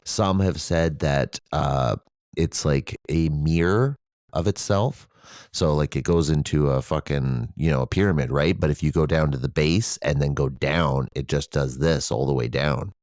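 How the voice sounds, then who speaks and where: Give me a man with an extremely low voice, casually rambling as a podcast co-host, recorded dry and close. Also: unhurried, darkish tone, no room sound. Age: adult with children. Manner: rambling, swears freely, lots of fillers. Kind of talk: casual conversation.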